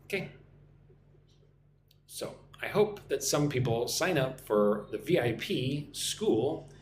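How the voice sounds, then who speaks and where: An American man teaching English on a live stream, speaking slowly and repeating phrases for learners to copy. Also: mid-range voice, sing-song, roomy sound, a little hiss or hum. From United States. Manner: slow, careful, repeats phrases for learners to shadow.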